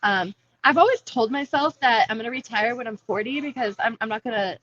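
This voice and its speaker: A woman in her thirties talks casually over a video call from a coffee shop. Her voice is bright and forward, and the call audio comes through a little dull. She is chatty and laughs easily. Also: fairly high pitch, brisk, slight background noise. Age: 30s. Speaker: MMA fighter guest. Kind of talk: casual interview.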